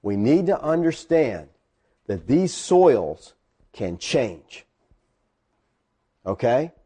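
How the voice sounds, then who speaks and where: A middle-aged man, a pastor, telling a personal story in a sermon and rising high when he gets excited. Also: extremely slow, husky.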